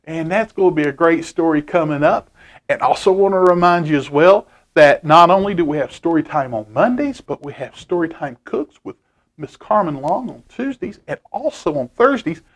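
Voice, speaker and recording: A man's voice: a little high, animated, normal speed. A man reading a story for children, chatty and loose with lots of fillers. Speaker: storytime reader.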